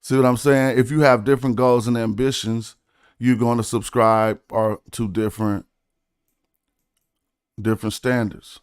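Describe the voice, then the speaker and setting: A man's voice: mid-range voice, flat delivery, a little slow, long pauses, clear, resonant tone, dry recording, studio quality. A man streaming casually, chatting. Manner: laid-back slang, breaks down rhymes syllable by syllable. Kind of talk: casual livestream chat about rap and study.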